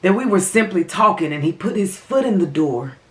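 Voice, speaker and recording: A young adult woman gives emotional commentary during a mukbang, speaking straight to her viewers in a heated, impassioned way. Her lowish voice is expressive and a bit bright, at a moderate pace.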